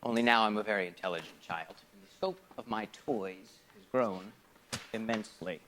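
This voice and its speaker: A man performing a theatrical spoken-word monologue live on stage, swinging between hushed asides and loud outbursts. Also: lowish voice, normal speed, slight background noise.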